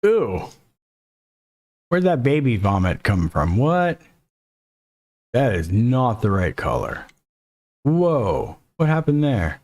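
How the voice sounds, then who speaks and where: A man's voice: medium pitch, big pitch swings, slow pace, pauses often, a little mellow. A man teaching a casual screen-recorded coding lesson, thinking aloud and dropping jokey, self-deprecating asides as he works. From Mexico. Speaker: coding instructor.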